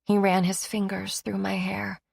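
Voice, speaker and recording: A woman's voice: mid-range voice, completely flat delivery, normal speed, creaky, a little mellow, husky, no room sound, studio quality. A woman narrating a first-person romance audiobook in an emotive, intimate reading.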